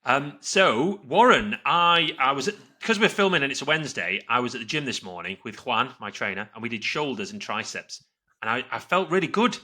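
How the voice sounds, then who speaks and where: A man's voice: medium pitch, expressive, brisk, bright, forceful tone. A man in his forties co-hosting a podcast, chatting casually and rambling with many restarts. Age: 40s. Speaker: podcast co-host. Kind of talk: casual chat.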